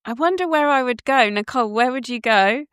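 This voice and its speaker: Expressive woman podcast co-host, dry sound. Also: a little high, fairly quick, smooth, no echo. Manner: expressive, reacts with laughs. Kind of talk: casual chat.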